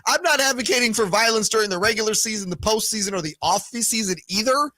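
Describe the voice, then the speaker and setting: A man co-hosting a sports radio show, bantering and teasing in a casual, animated way. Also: high voice, quick pace, no echo, clean studio sound.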